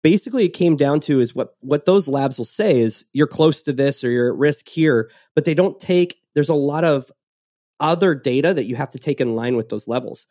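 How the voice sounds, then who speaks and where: Animated man hosting a casual podcast. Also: on the high side, normal speed, no room sound, studio quality. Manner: animated storytelling, acts out quotes. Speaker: podcast host.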